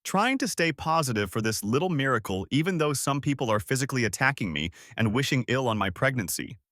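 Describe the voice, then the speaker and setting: A man telling a first-person story with a dramatic, emphatic delivery. His pitch moves a lot across a middle register, and the voice sounds dry and close to the mic. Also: lively intonation, brisk, a bit bright, no room sound.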